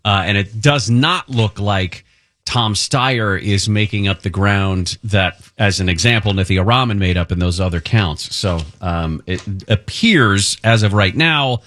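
A man's voice: fairly low pitch, measured pace, fairly bright tone. A man co-hosting a live radio show from a studio, chatting loosely and joking as he goes. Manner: loose, joking, rambling delivery. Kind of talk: casual talk radio chat. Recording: dry studio mic.

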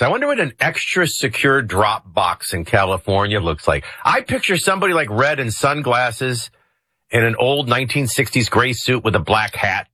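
A man's voice: mid-range voice, very animated, moderate pace, sharp tone, breathy edge, no echo. A male radio talk show host giving jokey, conversational political commentary from a studio mic, with frequent restarts.

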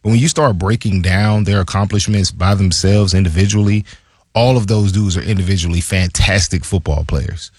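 A man, a former football player, chatting casually about his career as a podcast co-host, acting out quotes in a higher voice. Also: moderate pace, husky, no echo. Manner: animated storyteller, acts out quotes in a higher voice. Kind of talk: casual sports chat.

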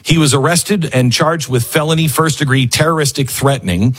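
Speaking a little fast in a husky, slightly high voice, a man runs a casual news commentary program. He's sarcastic and performs the quotes he reads in other people's voices.

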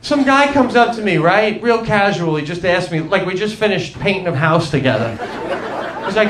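A man's voice: high-pitched, animated, moderate pace, slight background noise. A man with a New York accent doing a stand-up set, brash and conversational, talking directly to the crowd in a comedy club. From New York, USA. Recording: echoey club, loud crowd.

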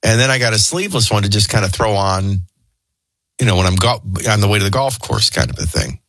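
Bright, husky-voiced male radio host. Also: fairly low pitch, expressive, brisk, no room sound. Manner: chatty, joking, drifts from news to anecdotes. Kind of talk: casual talk radio banter.

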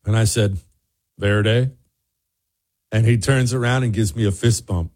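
A man hosting a show, telling a lively anecdote in casual chat and acting out the people in it. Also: on the low side, a little fast. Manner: animated anecdote telling, voices other people in quotes. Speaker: radio show host.

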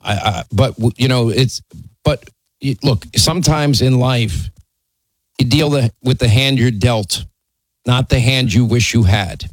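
A man's voice: mid-range voice, a little slow, dry recording, poor audio. A man hosting a call-in talk radio show, speaking in a firm, plainspoken way and often repeating himself to make a point.

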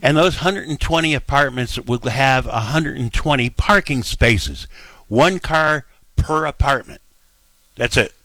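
A man hosting a call-in radio show, brisk and jokey as he chats with callers. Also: mid-range voice, pushed and bright, dry recording. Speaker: radio talk show host.

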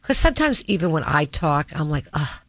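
A woman's voice: deep voice, sing-song, no room sound. Brash middle-aged woman with a heavy Boston accent. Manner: brash, combative, fast-talking. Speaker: guest. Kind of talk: casual conversation.

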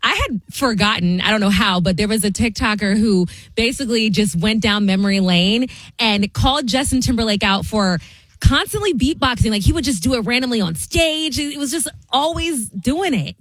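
A woman's voice: on the high side, lively intonation, normal speed, no room sound. Giggly female radio co-host. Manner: giggly, gossipy storytelling. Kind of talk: casual radio chat.

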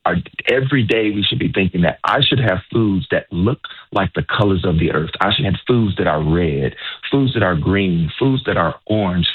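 Heard through phone-like narrow sound, a male radio host with a lowish, breathy-edged voice runs a casual health call-in show. His tone is upbeat and encouraging, and he frequently says things more than once.

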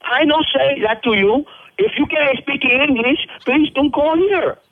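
A man's voice: very high-pitched, measured pace. A man with a Spanish accent on a phone call as a restaurant worker, slipping into Spanish, impatient and blustering. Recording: phone line.

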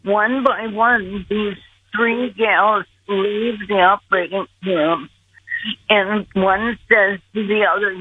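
An older woman guest telling a personal story slowly and earnestly over the phone. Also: medium pitch, slight background noise. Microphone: telephone. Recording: tinny phone line.

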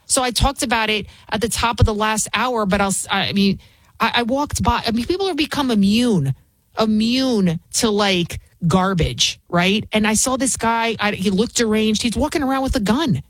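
A woman's voice: a little high, moderate pace, no room sound. A woman filling in as a talk radio host, speaking bluntly and scornfully, rambling with frequent restarts. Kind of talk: opinionated talk radio monologue.

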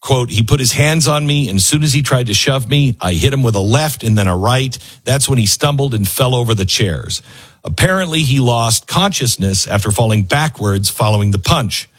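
Brief: man hosting a commentary show, husky, lively sarcastic delivery, acts out quotes. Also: medium pitch, normal speed. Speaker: political commentary host. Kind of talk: opinionated news commentary monologue.

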